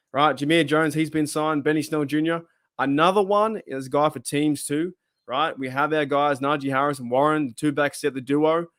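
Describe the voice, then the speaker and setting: A man's voice: fairly high pitch, a bit bright, no echo, studio quality. A man talking casually to the camera as a sports YouTuber, rambling and thinking aloud with frequent asides. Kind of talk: casual solo video commentary.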